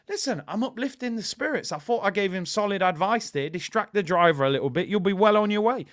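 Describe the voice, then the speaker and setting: A man, hosting a football fan channel and ranting in a casual, animated storytelling way full of everyday analogies. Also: sits high, fairly quick.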